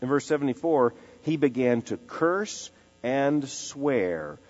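A man preaching an expository sermon, emphatic, repeating phrases and slowing down to give them weight. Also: mid-range voice, expressive, a little mellow. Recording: dull lo-fi sound in a large reverberant hall with faint music.

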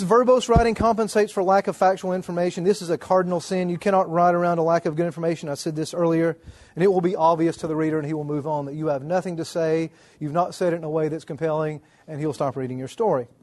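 A middle-aged man lectures a class on writing, with a voice pitched a little high. He sounds wry and self-deprecating and now and then mimics the people he quotes. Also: darkish tone. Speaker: writing instructor.

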